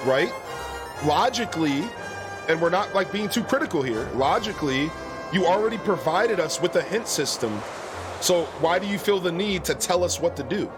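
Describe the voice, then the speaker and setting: A young man streaming a video game, chatting in a rambling, casual way and greeting viewers. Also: fairly high pitch. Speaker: gaming streamer. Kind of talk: let's play commentary.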